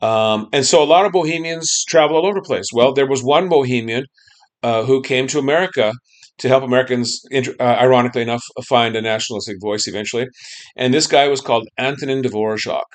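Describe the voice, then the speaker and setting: A man's voice: mid-range voice, quick pace. A man lecturing a class on music history, loose and conversational, checking in with the students and humming snippets of melodies.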